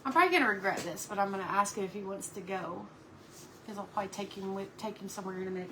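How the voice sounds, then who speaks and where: A woman's voice: mid-range voice, racing, a bit bright, slight background noise, poor audio. A woman chatting casually on a live craft stream from home, cooing at her dog between talk about her painting.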